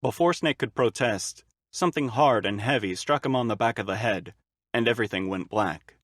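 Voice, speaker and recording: A man reading a fan-made audiobook in a steady, even storytelling manner. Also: mid-range voice, normal speed, dry recording, clean studio sound. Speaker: audiobook narrator.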